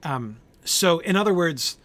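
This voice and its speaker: A man's voice: fairly high pitch, animated, measured pace, a bit bright. Man leading a Bible study, thinking aloud. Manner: thinking aloud with many fillers and "right?" checks; answers group members by name. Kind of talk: informal Bible study discussion.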